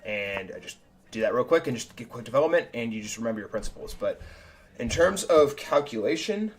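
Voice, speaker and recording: A man's voice: medium pitch, lively intonation, brisk, a little hiss or hum. Casual young man reviewing his chess games. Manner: casual, slangy, thinks aloud with restarts. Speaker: chess streamer. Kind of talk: live game review commentary.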